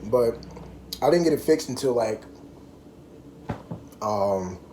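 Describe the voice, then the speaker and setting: Young male vlogger, mellow tone, rambling chatty delivery, faint noise behind. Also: medium pitch, expressive, takes it slowly. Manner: rambling, many "like" and "um" fillers. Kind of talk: casual chat.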